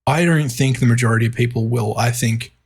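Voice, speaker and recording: A man's voice: mid-range voice, fairly quick, a little mellow, husky. A man co-hosting a casual gaming podcast, reasoning step by step and restarting his sentences as he thinks. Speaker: podcast co-host. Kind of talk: casual chat.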